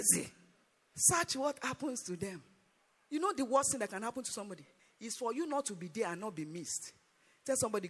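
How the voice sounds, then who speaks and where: A man preaches a sermon in a high, bright, husky voice that rises into a sing-song cadence. His delivery swoops up and down with emphasis, and long reverb from an echoey church hall trails behind every line.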